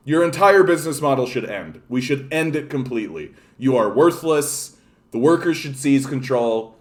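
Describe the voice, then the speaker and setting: A man's voice: medium pitch, animated, moderate pace. A man from Canada giving an angry, profane political rant, blunt and scornful. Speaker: political commentator.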